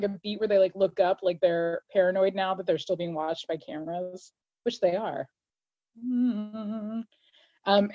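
A woman co-hosting a podcast, casually recapping an episode and acting out the characters' lines in quick voices. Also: mid-range voice, mellow, no echo, highs cut off. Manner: chatty, quotes characters in quick put-on voices. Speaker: podcast co-host.

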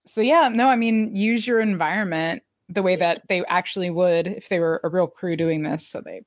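A woman's voice: medium pitch, dry recording, clean studio sound. A woman co-hosting a casual chat, recapping a TV episode with an easy, enthusiastic manner. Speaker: podcast co-host.

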